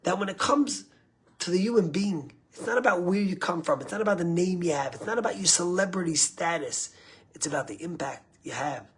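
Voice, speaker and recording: Man, rabbi, sermon, storytelling, very husky breathy voice, fades to near-whispers. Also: high voice, lively intonation, fairly quick. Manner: rises with emphasis, trails off to near-whispers at phrase ends.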